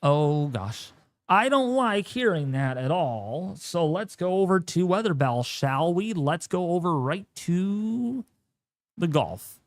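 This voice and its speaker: Slow-talking man giving weather commentary. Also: high-pitched, no room sound. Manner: animated, jokey, exclamatory. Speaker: weather streamer.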